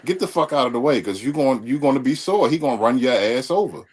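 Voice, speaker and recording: A man's voice: mid-range voice, lively intonation, breathy edge. A man co-hosting a casual sports talk show, talking with frequent restarts and swearing. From Baltimore area. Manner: profane, halting, many restarts. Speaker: podcast co-host.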